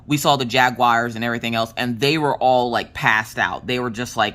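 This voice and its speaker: A woman's voice: a bass voice, a little fast, hardly any pauses. A woman telling a rambling, casual story in a crafting vlog, full of fillers and restarts, and acting out what people said. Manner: animated, acts out quotes in voices. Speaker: crafting vlogger.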